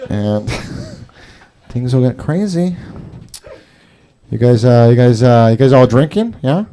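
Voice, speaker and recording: A male comedian works a small garage crowd with rambling, profane, self-mocking asides. His pitch jumps around a lot as he talks. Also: lively intonation, takes it slowly, warm tone, a little hiss or hum. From Salvadoran and Brazilian heritage. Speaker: stand-up comedian. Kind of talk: stand-up set at an open mic.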